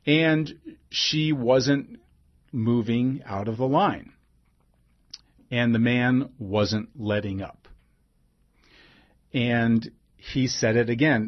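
A man telling a personal anecdote in a relaxed conversational way, with asides and fillers. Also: medium pitch, takes it slowly, pauses often, lo-fi sound. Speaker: storyteller.

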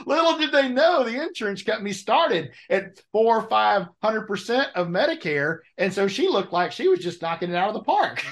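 A man with a notably high voice hosts an interview in a chatty way, swapping stories and putting questions to his guests. He sounds conversational and engaged. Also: normal speed. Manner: chatty, lively storytelling, asks questions. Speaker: interview host.

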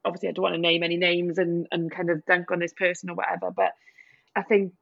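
A woman's voice: lowish voice, flat delivery, fast talker, vocal fry, a bit bright, dry recording, muffled recording. A woman doctor co-hosting a casual podcast chat, talking loosely with lots of fillers and hedges. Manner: chatty, hedging with many fillers.

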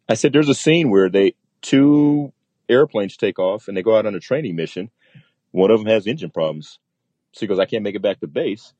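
Male guest, military pilot, low husky voice, lively storyteller who acts out the quotes. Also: fairly quick, dry recording. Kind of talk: storytelling in a casual interview.

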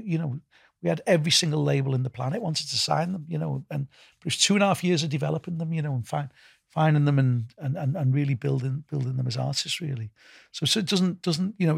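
Gravelly middle-aged man with a Liverpool accent. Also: on the high side, no room sound, clean studio sound. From England. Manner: rambling, repeats words, many fillers. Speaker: festival founder and music executive. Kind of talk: casual interview answers.

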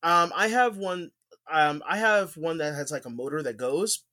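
A man's voice: on the high side, normal speed, sharp tone. A man telling a story in casual podcast chat, rambling with many fillers and restarts. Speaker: podcast co-host.

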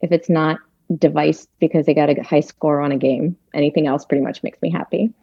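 Low gravelly-voiced woman guest. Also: steady tone, a little fast, no echo. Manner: chatty, emotional, laughs easily. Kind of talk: talk show interview. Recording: dull, lo-fi sound.

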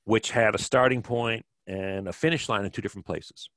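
A man's voice: lowish voice, fairly even intonation, moderate pace, fairly bright tone, dry recording. A man in his fifties from Kenosha, Wisconsin, telling stories as an interview guest in a rambling way with many restarts. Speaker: guest, former track cyclist. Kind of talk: relaxed storytelling interview.

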